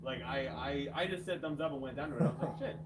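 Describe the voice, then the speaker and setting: A man's voice: medium pitch, very fast. A man co-hosting a live comedy show, bantering loosely with many restarts. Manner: rambling, playful, many restarts. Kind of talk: casual improvised banter. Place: outdoors near a fire escape. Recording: distant mic, noisy outdoor ambience.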